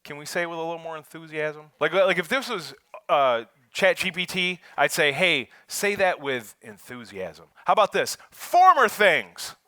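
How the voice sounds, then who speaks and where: High bright-voiced American pastor preaching. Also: male voice, expressive, moderate pace, no echo. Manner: builds from conversational to loud emphatic preaching, joking with the congregation. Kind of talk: sermon. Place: church sanctuary.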